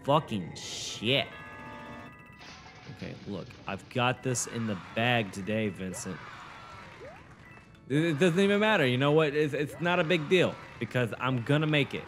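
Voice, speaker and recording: Young man, gameplay commentary, lively pitch, slow delivery, frequent cursing. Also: faint music behind. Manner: frustrated, cursing, boastful toward a friend. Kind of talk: swearing let's-play commentary.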